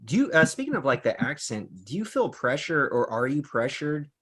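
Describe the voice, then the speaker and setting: A man's voice: medium pitch, big pitch swings, normal speed, a bit bright, slightly rough. Casual, laughing male interviewer. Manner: casual, laughs often, chatty with fillers. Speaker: interview host. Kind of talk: interview conversation.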